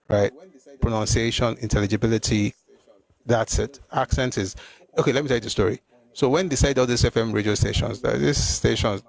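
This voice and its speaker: A man hosting a live stream, answering viewer comments in an animated, exclamatory way, often repeating himself. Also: medium pitch, gravelly. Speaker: host.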